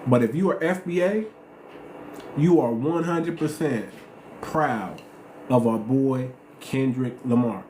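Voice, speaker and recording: A man's voice: medium pitch, slow pace, mellow. A man from the United States hosting a casual live stream, talking in a slangy, emphatic way and repeating himself for weight. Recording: roomy echo, faint noise.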